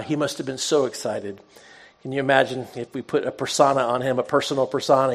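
A pastor preaching a sermon, a man retelling a scripture story in an earnest, conversational way, with a bit of self-deprecating humor. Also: mid-range voice.

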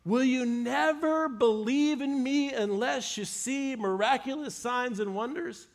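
A preacher voicing a calm, solemn Jesus. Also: male voice, very high-pitched, a little slow, voice pushed up. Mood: rebuking. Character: calm, commanding Jesus speaking to crowds.

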